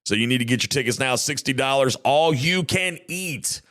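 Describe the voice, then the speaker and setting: A man's voice: mid-range voice, animated, normal speed, a bit bright. A man hosting a local podcast, folksy and upbeat in casual chat. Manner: folksy and upbeat, with Southern turns of phrase. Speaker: podcast host.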